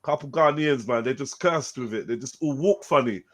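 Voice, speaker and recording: A man's voice: medium pitch, moderate pace, a bit bright. A man chatting casually on a panel, telling stories in slang and laughing. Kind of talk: casual chat.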